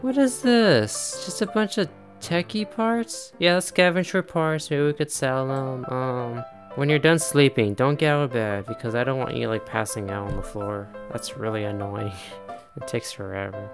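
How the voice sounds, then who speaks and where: A man gives easygoing let's-play commentary in a mid-range voice. He chatters along, laughs often and talks directly to the characters on screen. Faint music plays quietly behind him. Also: medium pitch, normal speed. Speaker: gaming YouTuber.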